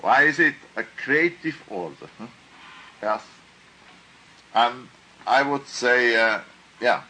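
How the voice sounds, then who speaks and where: A man teaching a class in a slow, deliberate lecture, asking question after question and often tagging on "huh?". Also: mid-range voice, sharp tone, rough recording.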